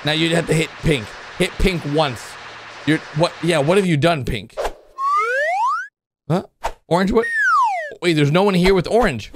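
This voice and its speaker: A YouTube reaction host giving excitable commentary over cartoon clips, often breaking into high shouts and laughter. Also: moderate pace, noisy background.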